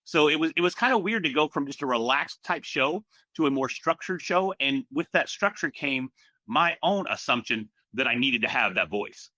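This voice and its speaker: A man chatting as a guest on a podcast, telling stories in a relaxed, animated way. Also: fairly high pitch, normal speed, dry recording. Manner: relaxed storyteller, animated asides. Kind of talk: casual conversational interview.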